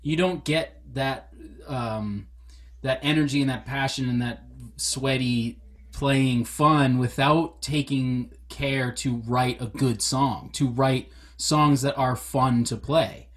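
A man's voice: medium pitch, fairly even intonation, slow pace. Casting: male co-host, rambling, restarts a lot, casual chat. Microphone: video call.

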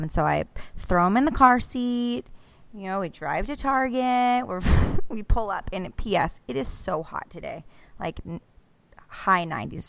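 A woman's voice: lowish voice, vocal fry, no echo. A woman in her thirties co-hosting a casual podcast chat, telling a story with lots of acted-out quotes and swearing. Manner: animated, swearing, acts out quotes. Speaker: podcast co-host.

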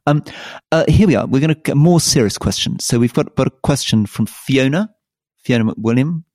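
A middle-aged man co-hosting a political podcast, explaining his views thoughtfully and at length, with soft asides. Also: medium pitch, expressive, a little fast, no room sound, clean studio sound. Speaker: podcast co-host.

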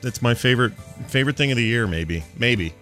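A man's voice: mid-range voice, animated, brisk, music in the background. A man co-hosting a podcast, chatting casually and animatedly and laughing often. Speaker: podcast co-host. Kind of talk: casual chat.

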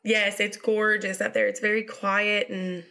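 A woman from Georgia with a Southern accent, a state investigator speaking as a guest in a relaxed, casual interview. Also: medium pitch, a little slow, gravelly. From Georgia, USA. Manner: relaxed, uses fillers like um.

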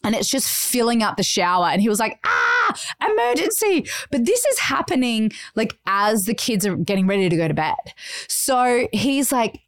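Animated woman telling a story. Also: normal speed, no room sound, studio quality. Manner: animated storyteller, acts out quotes in high voices. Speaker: podcast co-host. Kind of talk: casual chat.

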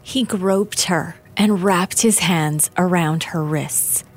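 A woman narrating a true-crime story in a measured, grave way. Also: on the low side, soft background music. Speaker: documentary narrator and interviewer.

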